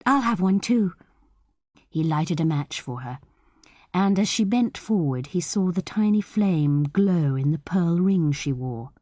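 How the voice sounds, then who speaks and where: A woman narrating an audiobook of a short story in a measured, expressive way. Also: low-pitched, no echo.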